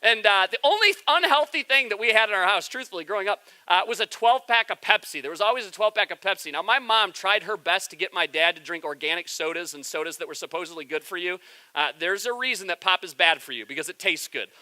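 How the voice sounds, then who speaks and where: A man in his thirties delivers a sermon with a high, keen voice. His tone is very bright and cutting, and he shifts into easygoing, humorous storytelling, chatting with his congregation. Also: animated, fast. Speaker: pastor.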